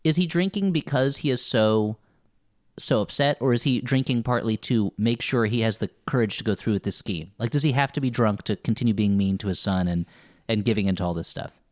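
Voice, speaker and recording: A man's voice: fairly low pitch, fairly quick, no echo, studio quality. A man co-hosting a podcast, discussing a TV series in casual chat and thinking aloud. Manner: thinks aloud, trails off and restarts. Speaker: podcast co-host.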